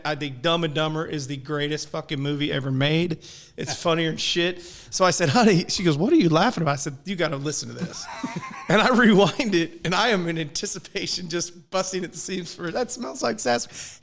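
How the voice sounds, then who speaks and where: A man's voice: a little high, a bit bright. A middle-aged man co-hosting a casual podcast chat, laughing often and acting out scenes with voices as he retells them. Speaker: podcast co-host.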